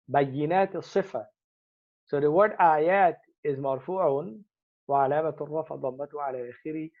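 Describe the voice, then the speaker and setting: A man teaching Arabic grammar from Quranic verses, patiently explaining and repeating words for emphasis. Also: fairly high pitch. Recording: tinny phone-like sound.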